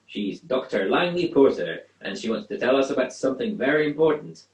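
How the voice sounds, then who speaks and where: A man's voice: medium pitch, lively intonation, fairly quick, lightly acted. An actor playing an earnest, loyal male doctor in a radio drama, eager and slightly flustered. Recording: roomy home recording.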